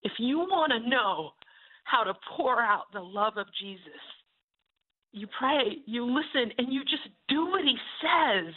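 A woman who runs a ranch ministry, telling a faith testimony in an animated way and acting out the voices of the people in her story. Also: on the high side, unhurried. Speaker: ranch ministry leader and speaker. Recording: tinny phone-like sound.

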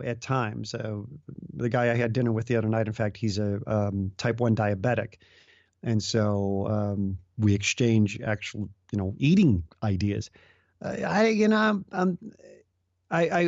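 A middle-aged man in casual conversation as a guest, talking in halting bursts with many restarts and fillers. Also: medium pitch, darkish tone, no room sound. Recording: dull lo-fi dry sound.

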